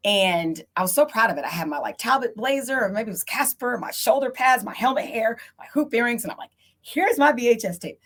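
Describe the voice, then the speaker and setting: Chatty animated woman moderating a panel. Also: on the high side, a little fast, hardly any pauses. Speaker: panel moderator, TV news anchor. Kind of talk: casual panel discussion.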